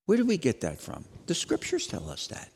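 A man preaching an Easter sermon as pastor, dramatic, moving from loud questions to hushed lines. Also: fairly high pitch, huge pitch swings, fairly quick, gravelly, slightly rough, big-room sound.

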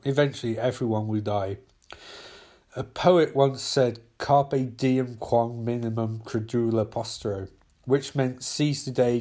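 A man's voice: mid-range voice, darkish tone. A man casually reading a comic aloud, rambling, swearing and correcting himself as he goes. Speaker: comic reader.

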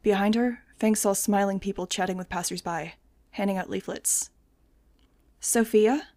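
Woman narrator for a fan audiobook, mid pitch, even storytelling read. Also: moderate pace. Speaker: audiobook reader.

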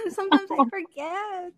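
A woman in a casual spelling bee with friends, soft-spoken and spelling letters quietly. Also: very high voice. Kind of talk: casual chat among friends.

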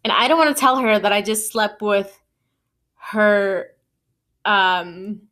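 A woman's voice: medium pitch, slow pace, a bit bright. A woman in her twenties hosting a podcast, telling a personal story in a chatty way, full of "like" and "you know". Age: 20s. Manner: chatty, lots of "like" and "you know", laughs at herself. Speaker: podcast host. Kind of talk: casual storytelling.

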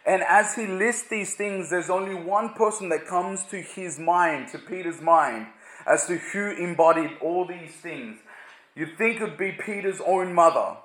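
A man with a fairly high voice teaches a Bible lesson in a loose, conversational way. He stumbles and repeats words often, filling gaps with "you know." The sound bounces around a reverberant room. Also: moderate pace, a bit bright. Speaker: preacher. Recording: echoey room.

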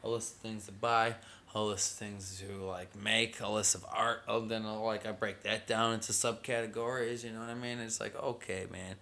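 Gravelly laid-back rambling man. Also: on the low side, level tone, normal speed, bright, forceful tone. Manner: laid-back, drawling, swears a lot, says "man" constantly. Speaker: podcast host. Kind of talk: rambling casual monologue.

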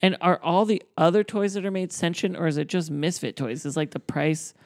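A woman's voice: lowish voice, brisk, darkish tone, no room sound, clean studio sound. A woman co-hosting a casual chat, wry and full of questions. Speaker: podcast co-host.

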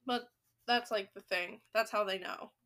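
A woman's voice: medium pitch, steady tone, unhurried, a bit bright. A woman hosting a podcast, reading a children's book aloud and breaking off for playful, joking asides. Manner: playful, joking commentary between passages. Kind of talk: storybook reading with chatty asides.

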